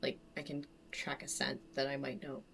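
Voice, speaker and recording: A woman's voice: a bass voice, monotone, moderate pace, gravelly, fairly bright tone, slightly rough. A woman playing in a tabletop game, chatting casually with many likes. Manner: chatty, filler-heavy. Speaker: player.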